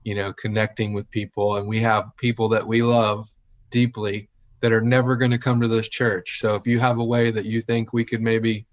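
A man's voice: mid-range voice, moderate pace. A male pastor talking casually and animatedly, often acting out what other people say. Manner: animated, acts out quoted voices. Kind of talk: casual conversation. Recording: dull lo-fi audio.

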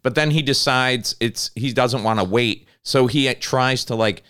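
A man in his thirties co-hosting a podcast, telling a story in casual chat with lots of swearing and animated delivery. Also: medium pitch, unhurried, clear, resonant tone. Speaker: podcast co-host.

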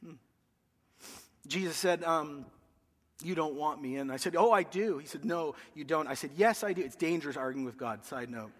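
Pastor guy preaching a personal story, kinda high voice, big reverb from the hall. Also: normal speed, long pauses. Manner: earnest storytelling, voice rising when quoting himself. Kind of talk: sermon testimony.

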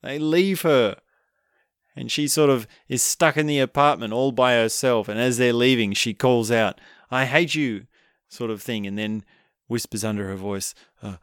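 A man casually recapping a film, telling it with animated energy and acting out the characters' lines with chuckles. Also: mid-range voice, normal speed, smooth, no echo, studio quality. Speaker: film reviewer.

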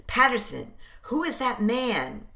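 Brief: woman doing male British general, formal, calm, slow, curious. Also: a little high, voice pushed up, full character voice.

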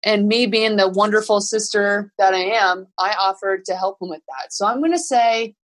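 A woman's voice: mid-range voice, moderate pace. A woman playing a family quiz game, teasing and competitive, with frequent exclamations. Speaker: contestant. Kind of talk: casual game-show banter.

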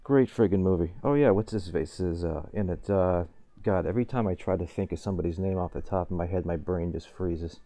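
Lively, ranting man in his forties. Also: deep voice, brisk, no echo. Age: 40s. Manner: animated ranting, laughs through the story, swears casually. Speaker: vlogger. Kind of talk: casual storytelling monologue.

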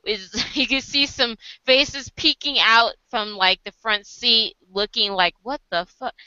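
A woman's voice: fairly high pitch, measured pace, bright, forceful tone, clean tone, no echo, lo-fi sound. An American woman casually telling a story to camera, acting out other people's lines and laughing often. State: sleep deprived. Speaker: vlogger.

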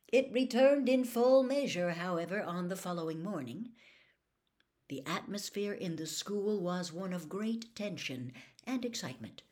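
A woman reading a novel aloud as a storyteller, with expressive, dramatic narration. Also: fairly low pitch.

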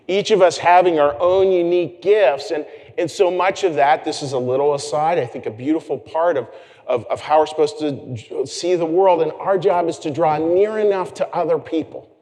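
A man preaching a conversational sermon as pastor, animated and chatty, with self-deprecating asides. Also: fairly high pitch, moderate pace, in a large hall. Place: church sanctuary.

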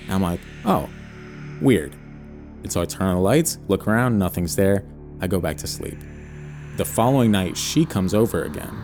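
Deep-voiced and brisk with a darkish tone, this podcast co-host wanders through a personal story, hedging and using lots of fillers. Soft music plays in the background.

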